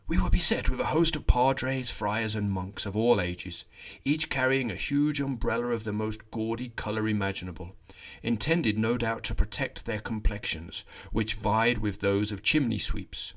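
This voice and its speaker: A man reading a genteel army officer's memoir in a slow, measured, wry voice. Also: lowish voice, lightly acted.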